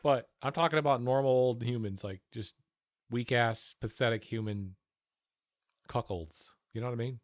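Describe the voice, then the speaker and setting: A man's voice: medium pitch, moderate pace, no room sound. Profane sarcastic male streamer, dry close mic. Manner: profane, sarcastic, talks over the clip. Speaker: streamer reacting to a news panel. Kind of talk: casual livestream commentary.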